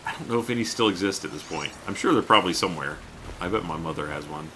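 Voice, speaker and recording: A man's voice: deep voice, lively intonation, fast talker, sharp tone, slight background noise. A man streaming a game, chatting casually and playfully while reading chat aloud. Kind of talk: casual live-stream commentary.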